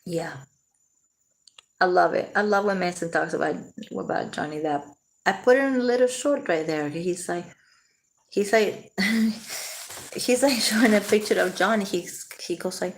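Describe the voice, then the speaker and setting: A woman's voice: mid-range voice, expressive, measured pace, pauses often, slight background noise. A woman vlogging casually, rambling and laughing often as she talks. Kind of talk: casual commentary to camera.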